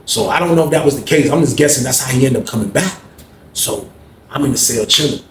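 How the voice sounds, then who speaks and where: A man's voice: mid-range voice, fast talker, background noise. A man casually telling a story in slangy, rambling speech. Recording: roomy echo.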